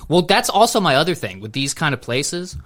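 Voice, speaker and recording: Casual male podcast host, bright edge to the voice, animated storyteller. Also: fairly high pitch, fairly quick. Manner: animated storytelling, acts out quoted exchanges; says "dude" and "bro" a lot. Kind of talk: casual chat.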